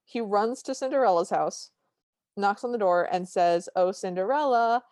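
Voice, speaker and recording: A woman's voice: medium pitch, moderate pace, darkish tone, no echo, clean studio sound. Wry woman recapping a cartoon. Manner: chatty, wry, retells the plot with asides. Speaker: podcast co-host. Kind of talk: casual podcast chat recapping a cartoon.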